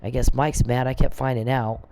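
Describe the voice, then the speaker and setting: A woman's voice: a bass voice, flat delivery, moderate pace, heavy background noise. A middle-aged woman in a casual monologue, agitated, swearing and rambling as she vents. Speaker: vlogger.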